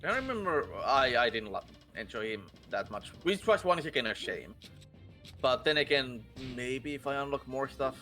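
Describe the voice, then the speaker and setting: A man's voice: mid-range voice, animated, normal speed, sharp tone. A man streaming a game live, chatting casually and rambling, laughing at his own jokes. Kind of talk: casual chat while gaming live. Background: game music.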